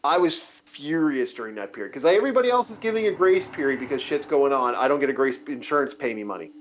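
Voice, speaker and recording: A podcast co-host with an expressive, mid-range voice rants angrily at a quick pace during casual chat, swearing and restarting sentences often. The audio is dull lo-fi with a little hiss or hum.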